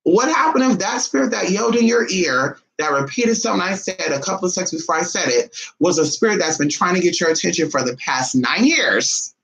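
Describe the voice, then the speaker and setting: A woman's voice: fairly quick, creaky, few pauses, rough recording. A woman spiritualist telling a casual story to her viewers, blunt and profane, acting out other people's lines in swooping voices. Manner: animated, blunt and profane, acts out others' lines with big pitch jumps. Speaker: spiritualist vlogger.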